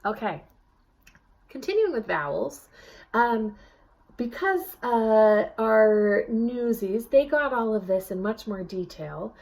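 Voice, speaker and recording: A woman's voice: fairly high pitch, big pitch swings, slow pace, creaky, a little mellow. A woman dialect coach giving a lesson, demonstrating sounds and prompting the viewer to repeat. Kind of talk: video accent lesson.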